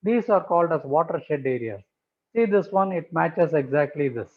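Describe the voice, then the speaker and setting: A man's voice: fairly high pitch, expressive, normal speed. A man giving a methodical pathology lecture over slides, repeating key terms for emphasis. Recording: tinny phone-like audio.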